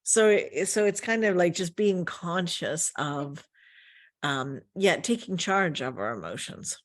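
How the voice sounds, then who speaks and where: A woman's voice: fairly low pitch, lively intonation, measured pace, no room sound, clean studio sound. An older woman hosting an interview, reflectively summing up what her guest said. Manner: reflective, sums up guest's points. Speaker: host. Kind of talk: interview conversation.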